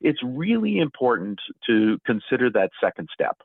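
A man's voice: medium pitch, sing-song, vocal fry, no echo. Middle-aged man explaining over a phone line. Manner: explanatory, measured, with frequent fillers. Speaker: guest author on property assessment appeals. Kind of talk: radio talk show interview.

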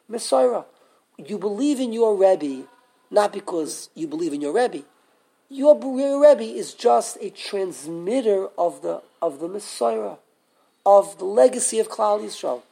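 Guy giving a torah class, high gravelly voice, lots of questions and restarts. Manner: animated, quizzes the class, frequent restarts. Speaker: Torah teacher. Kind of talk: live Torah class lecture.

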